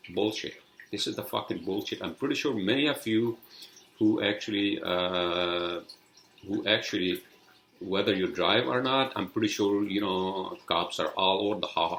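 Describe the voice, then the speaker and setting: Casting note: deep-voiced man, profane, rambling podcast host mid-rant. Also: vocal fry, a bit bright, reverberant.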